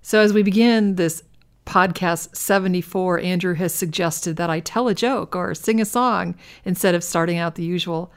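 A woman hosting an educational podcast, friendly and quick to laugh. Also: fairly low pitch. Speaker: podcast host.

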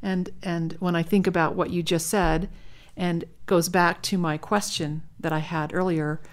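Lower-pitched woman in podcast chat. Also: fairly even intonation, a little slow. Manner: attentive, frequent short affirmations. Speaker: podcast co-host. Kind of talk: casual chat.

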